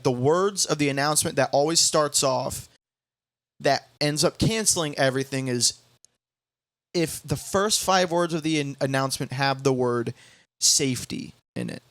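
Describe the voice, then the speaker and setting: A young man hosting a podcast, telling a story in casual chat, halting with many restarts and quoting others in bouncy voices. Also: medium pitch, fairly bright tone, no room sound. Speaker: podcast host.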